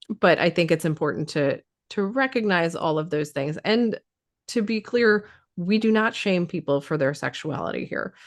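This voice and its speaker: A woman who is losing her voice explains trauma responses in casual talk, thoughtful, with many fillers and restarts. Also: low voice.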